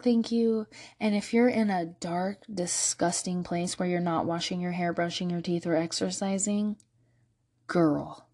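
A young woman telling a candid, self-mocking story in a casual monologue, swearing freely and laughing often. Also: lowish voice. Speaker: podcast host.

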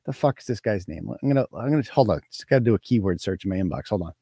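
A man's voice: lowish voice, lively intonation, rapid-fire, mellow, slightly rough, no room sound. A man hosting a live weekend show, telling stories in a boastful, profane, offhand way. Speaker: host. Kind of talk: casual live-show chat.

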